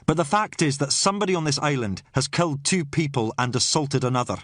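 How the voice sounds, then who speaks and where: Male narrator voicing firm, measured cop, audiobook, lively pitch, dry read. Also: no echo. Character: calm, firm male police officer, steady. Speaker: police officer addressing a meeting.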